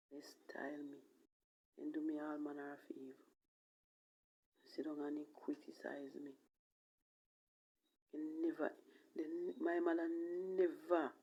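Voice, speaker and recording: A woman with a Jamaican accent tells her own hard story in a vlog, her voice husky and full of fry. She keeps sinking into whispers as the emotion catches up with her. The recording is muffled and lo-fi. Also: low-pitched. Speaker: vlogger. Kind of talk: personal life story. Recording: dull lo-fi recording.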